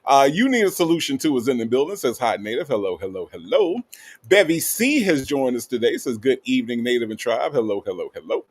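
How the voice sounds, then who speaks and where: A man's voice: mid-range voice, very animated, a little fast. A man hosting a casual live stream, reading viewer comments aloud and greeting each one playfully. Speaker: livestream host.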